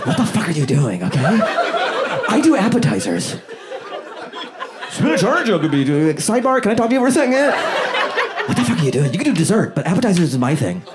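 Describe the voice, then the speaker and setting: A man's voice: high-pitched, fast talker, pauses often. A male stand-up comedian performing a routine on stage, telling exasperated stories and slipping into voices for the people in them. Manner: animated, exasperated storytelling with voiced characters. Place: comedy stage before a live audience. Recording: live set with loud crowd noise.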